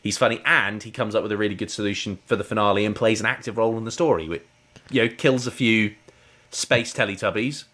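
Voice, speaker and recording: Speaking quickly in a low, slightly bright voice, a man co-hosts a podcast and reviews a TV serial in casual chat. He's chatty and rambling, dropping "like" often and laughing a lot.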